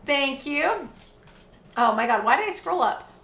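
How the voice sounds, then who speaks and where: A woman's voice: sits high, very animated, unhurried, gravelly, a bit bright. A woman in her thirties chatting casually with her stream while cooking at home, rambling and swearing freely. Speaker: live streamer and mother. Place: home kitchen. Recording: echoey room.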